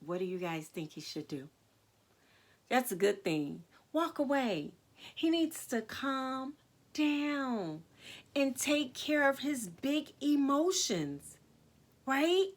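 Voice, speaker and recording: A woman reads a children's picture book aloud, slow and unhurried. Her voice is high and bright and swoops up and down. She keeps turning to her young listeners with questions. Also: sing-song. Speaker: children's storyteller and teacher.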